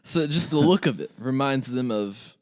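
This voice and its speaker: A man's voice: mid-range voice, moderate pace, no room sound, studio quality. A young man from Virginia co-hosting a podcast in casual chat, rambling with many restarts. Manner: rambling, restarts often, lively intonation. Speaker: podcast co-host.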